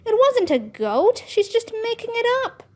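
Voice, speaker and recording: A woman's voice: very high-pitched, big pitch swings, a little slow, a little mellow, voice pushed up, exaggerated voice. A woman voicing a skeptical, sensible young girl in a children's book read-aloud, speaking in a doubting, matter-of-fact way. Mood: scolding.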